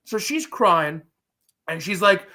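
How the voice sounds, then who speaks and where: Co-host type: bright young guy, blunt and profane, ranting fast about reality TV. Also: high voice, sing-song. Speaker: podcast co-host. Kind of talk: casual reality-TV recap banter.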